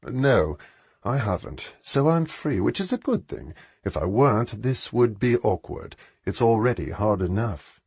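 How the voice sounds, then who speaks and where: A cheerful, undaunted aristocrat, earnest and teasing, a little higher than the reader's own voice, as a male narrator plays him. His delivery is lively and husky. The recording is dull and dry. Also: a little slow, dry recording, full character voice. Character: playful aristocratic man, cheerfully undaunted suitor.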